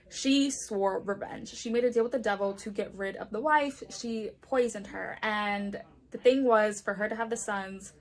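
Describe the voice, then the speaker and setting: A young woman chatting casually in a book review vlog, often saying "like" and acting out the characters' lines. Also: mid-range voice. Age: young adult.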